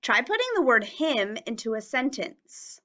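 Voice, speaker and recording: A woman teaching a phonics lesson to young children, stretching out words and spelling them letter by letter with careful, clear enunciation. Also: a little high, very animated, a little slow, a bit bright.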